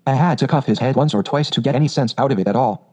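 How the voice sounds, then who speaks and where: A man's voice: medium pitch, fast talker, slightly rough, natural voice. A man voicing a hearty, bold male otter who tells his tale cheerfully. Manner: cheerful, lively storyteller.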